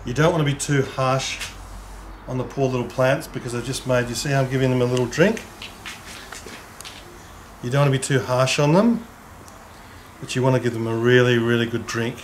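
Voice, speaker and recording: A man talks through a gardening task at a relaxed, chatty pace, his voice sitting at an ordinary middle pitch. He speaks gently and informally, chatting to the camera person as he works at the bench. Faint noise hangs in the background. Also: moderate pace, long pauses. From Australia. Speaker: home gardener demonstrating seedling transplanting. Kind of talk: casual how-to demonstration with some scripted narration.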